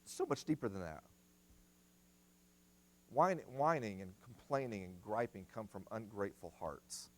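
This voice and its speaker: A middle-aged man preaching in a church, his pitch climbing and dropping freely as he drives each point home. He repeats short commands for stress and talks straight to the congregation. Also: animated, normal speed, pauses often. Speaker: guest speaker at family seminar. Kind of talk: sermon.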